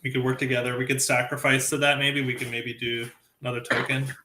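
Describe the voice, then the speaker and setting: A man's voice: mid-range voice, flat delivery, brisk, sharp tone, slight background noise. A man from the UK, a guest in a casual interview, chatty and self-deprecating with many fillers. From United Kingdom. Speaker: guest, NFT project creator.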